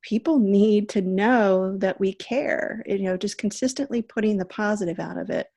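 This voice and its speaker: A woman's voice: mid-range voice, normal speed, gravelly, mellow. A woman in her thirties hosting a casual video chat, talking in an earnest, chatty way with frequent fillers. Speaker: host.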